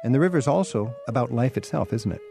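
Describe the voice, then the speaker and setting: A man's voice: medium pitch, quick pace, gravelly, soft background music. A man hosting a radio travel show, interviewing a guest and introducing segments in a conversational way. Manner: lively, conversational presenter.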